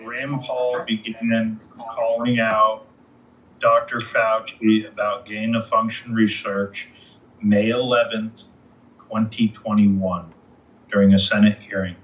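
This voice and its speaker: Flat, slow man on distant lo-fi audio. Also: fairly low pitch, echoey room, a little hiss or hum. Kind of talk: casual political discussion.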